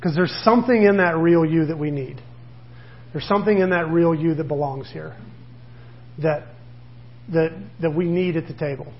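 A man's voice: a little high, normal speed, long pauses, muffled recording. A middle-aged man preaching a sermon in an earnest, conversational way, slipping into the voices of the people he describes. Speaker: pastor.

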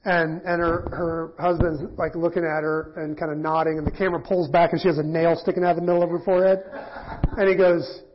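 A middle-aged pastor teaching in a casual, self-deprecating sermon, often acting out quoted voices. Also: male voice, on the high side, little pitch movement, a little fast, a little hiss or hum. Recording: dull lo-fi church audio.

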